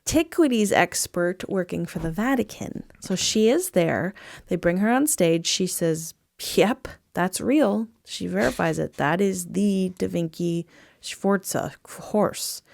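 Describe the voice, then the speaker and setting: A woman recapping a movie on a podcast in a rambling, casual way, full of fillers and quick acted-out quotes. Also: on the low side, vocal fry, a little mellow, no room sound.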